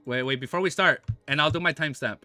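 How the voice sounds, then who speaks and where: A man's voice: on the high side, quick pace, pushed and bright, no echo, soft background music. An American man chatting casually with his live-stream viewers, joking around and laughing often. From United States. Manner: joking, laughs often, mock-French phrases.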